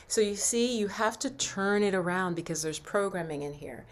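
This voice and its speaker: A woman mindset coach talking earnestly to her viewers, guiding breathing and affirmations in a slow, soft voice. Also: medium pitch, animated. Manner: earnest, encouraging, slows and softens for breathing exercises. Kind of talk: coaching talk with guided affirmations.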